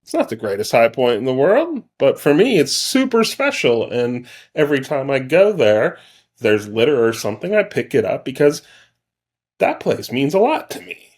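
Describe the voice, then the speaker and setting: Male podcast guest, thoughtful and reflective, mid pitch. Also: sing-song, moderate pace, darkish tone. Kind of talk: casual chat.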